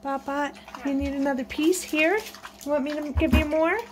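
Amid background noise, a high-pitched woman speaks briskly with fairly even intonation. She is a pet vlogger at home at night, using a sing-song baby voice for her pets and chatting with viewers.

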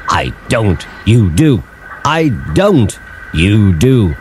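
A man voicing a polite, steady little male steam engine who speaks calmly and gravely. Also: fairly low pitch, extremely slow, a little hiss or hum, full character voice. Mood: stubborn. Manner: calm, grave and courteous.

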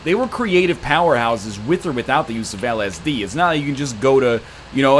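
Lively, rambling male game commentator. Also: mid-range voice, a little fast, hardly any pauses, a little hiss or hum. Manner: rambling, jokey tangents. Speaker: let's play host. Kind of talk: casual gameplay commentary.

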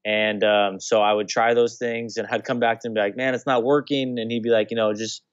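A man's voice: fairly low pitch, level tone, fairly quick, clean tone, dry recording. Young male guest, casual storyteller, restarts often, muffled lo-fi sound. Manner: rambling, many restarts and "you know". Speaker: guest, former pro baseball player. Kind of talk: casual conversational interview.

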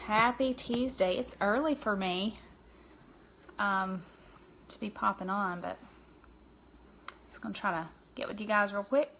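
A woman's voice: medium pitch, steady tone, unhurried, vocal fry, pauses often, fairly bright tone, a little hiss or hum. A woman hosting a casual makeup live stream, chatting openly and greeting her viewers by name as she goes. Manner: emotional, open about feelings.

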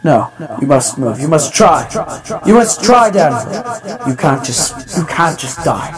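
A man voicing an ancient male entity who speaks slowly and solemnly, over music. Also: fairly high pitch, big pitch swings. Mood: pleading. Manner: slow, solemn, measured.

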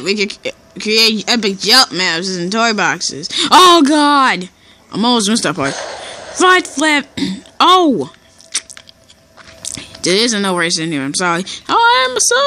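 A woman giving casual let's-play commentary over a game, excitable and shouting and cheering as she plays. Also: high-pitched. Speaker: gameplay commentator. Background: game music.

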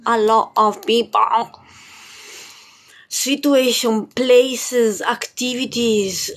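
A woman's voice: a little high, fairly even intonation, slow pace. A woman hosting a casual spiritual live stream, bubbly and chatty, laughing often and swearing casually. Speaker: spiritual livestream host.

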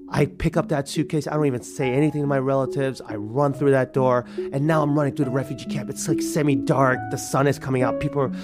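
Thirties male storyteller, lively and unpolished, quoting others in put-on voices, faint music bed. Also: medium pitch, fast, few pauses. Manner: animated, acts out quoted voices. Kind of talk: candid personal storytelling.

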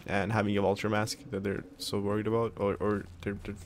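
A man's voice: fairly low pitch, completely flat delivery, a little fast, slight background noise. A man casually commenting while he plays a video game, reacting aloud, joking to himself and answering viewer comments. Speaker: gaming video host. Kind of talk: casual let's-play commentary.

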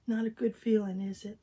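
An older woman telling a Bible story to small children, coaxing them to answer and repeat after her, whispering for sad parts and shouting for happy ones. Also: medium pitch, slightly rough. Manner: coaxing call-and-response with little children; drops to a whisper and rises to shouts for feeling.

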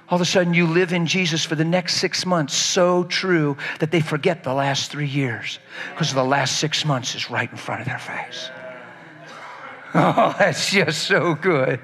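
A man preaching a sermon in an animated way, acting out quoted voices and laughing often. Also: fairly high pitch, moderate pace, breathy edge, long reverb tail.

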